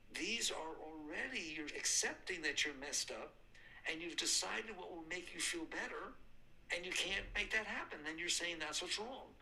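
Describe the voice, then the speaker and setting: A man's voice: sits high, gravelly, bright, forceful tone, slight background noise, low-quality recording. An older man giving a spiritual talk, emphatic, repeating points and answering his own questions. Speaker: spiritual teacher.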